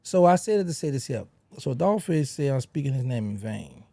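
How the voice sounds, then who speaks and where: A man from New Orleans with a New Orleans accent, a podcast guest telling stories in animated Southern slang. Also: mid-range voice, fairly quick, vocal fry, no room sound. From New Orleans, USA. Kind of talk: casual interview talk.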